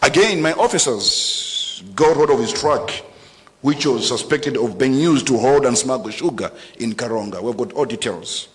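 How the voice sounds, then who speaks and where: Brief: middle-aged Malawian man, defiant government minister at a briefing, mid-pitched voice, long hall reverb. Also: animated, moderate pace. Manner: emphatic, defiant, mixes local language into English. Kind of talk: press briefing statement.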